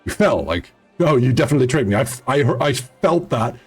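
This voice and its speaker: A man's voice: mid-range voice, big pitch swings, brisk, breathy edge, faint music behind, voice pushed up. A man voicing a quarrelsome male deer who talks in a huffy, accusing way. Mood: indignant.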